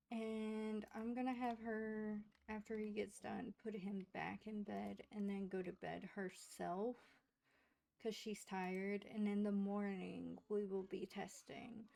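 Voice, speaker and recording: A woman's voice: mid-range voice, creaky, darkish tone. A woman casually narrating a life-simulation game, chatting to her characters as she plays. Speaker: gaming streamer. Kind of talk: casual let's-play narration.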